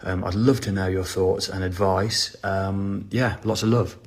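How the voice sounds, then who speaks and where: A man's voice: sits low, steady tone, measured pace. A middle-aged man leaving a voice message question, hesitant with lots of "um" fillers and a dry sense of humor. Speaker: listener sending a question. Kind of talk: recorded voice message.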